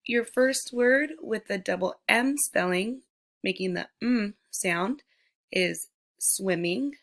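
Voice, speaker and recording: A woman teacher giving a recorded phonics lesson to young children, sounding out words slowly and speaking to them directly. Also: mid-range voice, a bit bright. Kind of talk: slow, deliberate remote phonics lesson.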